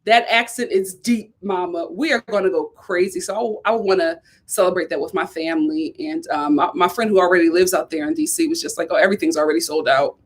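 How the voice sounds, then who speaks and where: A woman from Philadelphia hosting a casual live stream, chatty and animated, repeating herself and laughing often. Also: on the low side, fairly quick, hardly any pauses.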